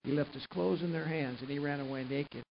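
A man preaching a sermon and retelling a gospel story, swinging from quiet narration up to loud, emphatic passages. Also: a little high, brisk, vocal fry. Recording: muffled lo-fi recording with faint hiss.

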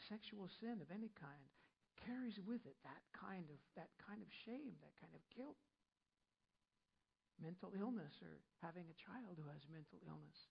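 A woman's voice: on the low side, gravelly, slightly rough, muffled recording. A woman preaching a sermon in a conversational way, often repeating her phrases and adding humorous asides.

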